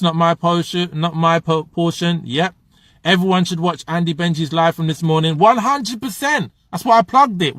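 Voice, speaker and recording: A man hosts a motivational livestream, speaking with passion and conviction. His voice sits high, and the sound is close and dry, with no room around it. He moves between preaching and reading viewers' comments aloud. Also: fairly bright tone, no room sound. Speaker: motivational live streamer.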